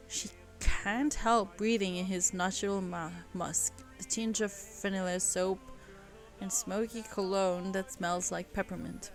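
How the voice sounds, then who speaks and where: A woman's voice: on the low side, fairly even intonation, unhurried, soft background music. A young woman casually reading her own story aloud on a live stream, often laughing and stopping to comment on it.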